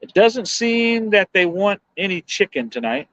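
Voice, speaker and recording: A man hosting a night fishing livestream, chatting in a relaxed, rambling way, musing aloud and answering viewers. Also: high-pitched, a little slow, dry recording. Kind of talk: casual live-stream chat. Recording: dull, dry lo-fi sound.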